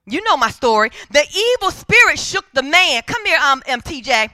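High-voiced woman preaching with emphatic calls. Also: big pitch swings, normal speed, sharp tone, no room sound. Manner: emphatic call-and-response preaching. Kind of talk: sermon.

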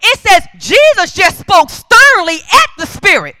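Recorded dry and close, a woman preacher gives a fervent church sermon built on emphatic call-and-response, repeatedly urging the congregation to answer her. Her very high voice is bright and forceful, with big pitch swings and a measured pace.

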